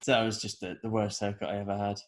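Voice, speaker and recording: A man's voice: lowish voice, fast talker. A man hosting a podcast, telling self-deprecating stories in casual chat. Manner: relaxed, self-deprecating storytelling with fillers. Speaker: podcast host.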